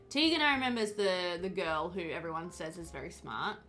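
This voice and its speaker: A woman with a lowish, expressive and slightly bright voice talks fairly quickly with few pauses, faint music playing behind her. She chats casually on a live stream while playing a game, reading sim bios aloud, giggling often and answering viewers' questions.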